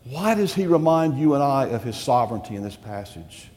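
A man's voice: medium pitch, sing-song, a little fast, a little mellow, in a large hall. A male pastor preaching a sermon, emphatic and full of rhetorical questions to the congregation. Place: church.

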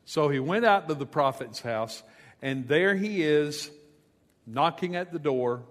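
Man, pastor, sermon, unhurried delivery, slightly high voice, conversational storytelling. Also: expressive, in a large hall.

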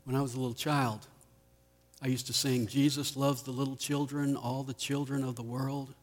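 A man preaching a sermon as pastor, slow and deliberate, often letting his voice fall soft at the ends of lines. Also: mid-range voice, flat delivery. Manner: slow, deliberate preaching with dramatic drops in volume. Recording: long reverb of a large hall.

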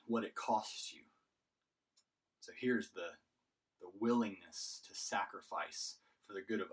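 Low-voiced pastor preaching from a distance. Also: male voice, breathy edge. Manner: measured preaching with frequent word repetitions. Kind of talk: sermon.

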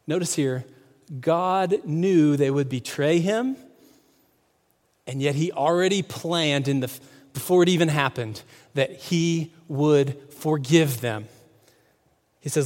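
A man's voice: a little high, lively intonation, a little slow, a little mellow. Man preaching in a reverberant hall. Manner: conversational preaching with rhetorical questions. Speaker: pastor. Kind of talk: sermon. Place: church sanctuary.

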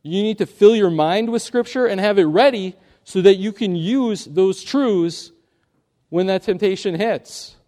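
A man's voice: high-pitched, a little slow, mellow. A man preaching an earnest sermon, telling a story and pressing his points with rising emphasis. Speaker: pastor.

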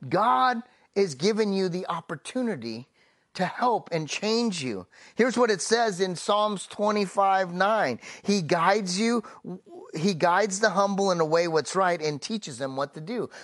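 Expressive and emphatic, a male pastor preaches a sermon, easing the pace on key phrases and closing each thought quietly in a low voice.

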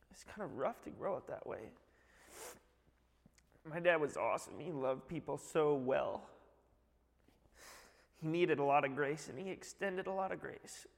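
A man's voice: fairly high pitch, gravelly, long reverb tail. A man, a youth director, giving a heartfelt church testimony, rambling with many fillers.

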